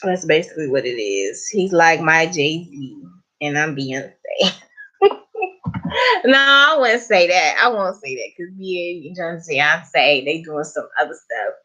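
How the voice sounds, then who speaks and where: A woman's voice: sits low, lively intonation, unhurried, sharp tone, lo-fi sound. A Southern woman chatting casually to her viewers, laughing often and calling them honey. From American South. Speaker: vlogger. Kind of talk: casual chat to camera.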